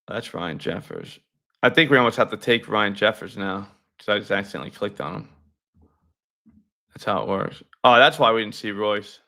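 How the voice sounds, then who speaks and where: Male stream host, bright voice, casual and salty, banters with the chat. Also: lowish voice, animated, normal speed, vocal fry. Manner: loose, profane, talks to chat viewers. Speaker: sports betting show host.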